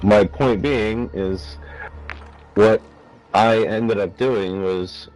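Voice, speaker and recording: A man's voice: fairly low pitch, very slow, darkish tone, soft background music, poor audio. A man with a New Jersey accent, stoned, rambling and restarting his words in casual chat while gaming on a headset. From North Jersey, USA. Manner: rambling, stumbles and restarts words, laughs often. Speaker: gamer.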